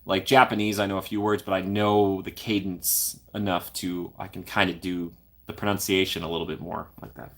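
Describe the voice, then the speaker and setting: A young man with a fairly low voice chats casually on his own livestream. He reads viewer comments aloud and reacts playfully, laughing often between remarks. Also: flat delivery, normal speed, a bit bright. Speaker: livestream host. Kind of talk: casual live chat reading comments.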